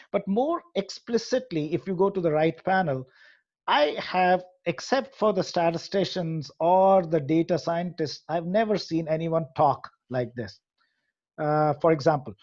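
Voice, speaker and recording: A man's voice: a little high, expressive, moderate pace, a little mellow, dull audio. A man, head of an AI hub, giving a presentation in an earnest lecturing way with frequent hesitations. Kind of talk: presentation to an audience.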